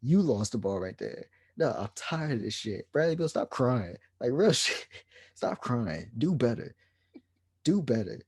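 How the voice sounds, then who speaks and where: A man's voice: mid-range voice, big pitch swings, unhurried, darkish tone, husky, no room sound. A man co-hosting a sports podcast, ranting in an exasperated, repetitive way. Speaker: podcast co-host. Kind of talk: heated sports podcast rant.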